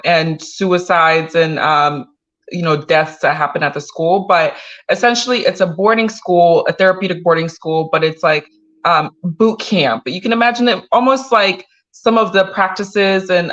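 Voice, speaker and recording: A woman hosting a podcast, explaining background to listeners in a measured way with frequent filler pauses. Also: fairly low pitch, a bit bright. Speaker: podcast host. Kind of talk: conversational explanation. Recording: dull lo-fi sound.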